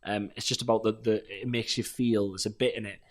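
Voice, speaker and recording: A man, chatting as a guest comedian in an energetic, jokey way. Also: fairly low pitch. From north of England. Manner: energetic, jokey, quick-talking. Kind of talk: casual chat.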